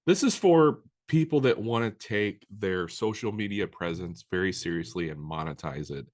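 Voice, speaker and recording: A man's voice: sits low, expressive, normal speed, a little mellow, no echo. A man co-hosting a woodworking podcast in casual chat, making dry, teasing quips. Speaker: podcast co-host.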